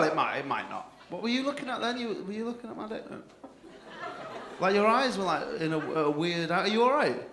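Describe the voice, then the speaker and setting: A young man with a North-West English accent works the crowd as a compere, teasing and swearing in a lively, bouncing voice pitched a little high. He speaks slowly, into a handheld mic on a comedy club stage. An echoey room carries clear audience noise behind him. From England. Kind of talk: live stand-up crowd work.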